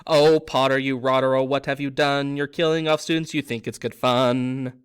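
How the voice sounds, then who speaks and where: A man's voice: on the high side, big pitch swings, a little fast, no room sound, studio quality. A man voicing a cackling, mischievous male poltergeist in a storybook reading, taunting in a singsong way.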